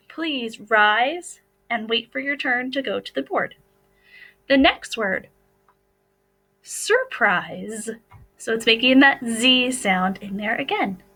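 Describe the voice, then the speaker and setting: A woman's voice: a little high, pushed and bright, poor audio. A woman teacher with an American accent, explaining a phonics lesson over slides in a patient, step-by-step way.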